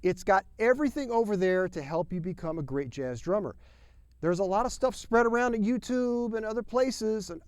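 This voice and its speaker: A man's voice: high-pitched, a little mellow, smooth, no room sound, studio quality. A man teaching a drum lesson to camera in an upbeat, folksy, emphatic way, sometimes singing drum syllables. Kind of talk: video lesson.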